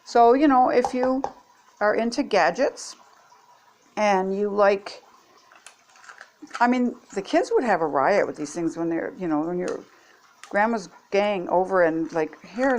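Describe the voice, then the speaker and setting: A woman's voice: medium pitch, measured pace, pauses often, darkish tone, slight background noise. An older woman chatting homily to viewers as she tests kitchen gadgets at home. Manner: chatty, homey, talks to viewers while demonstrating. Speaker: product-testing vlogger. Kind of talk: casual kitchen product demo.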